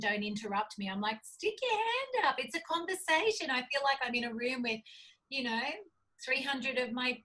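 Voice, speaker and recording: Aussie woman gushing away in an interview, bright sharp voice, lots of "like" and "you know". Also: a little high, low-quality recording. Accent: Australian. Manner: effusive, gushing storyteller with many fillers. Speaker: guest, cookbook publisher. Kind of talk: casual interview talk.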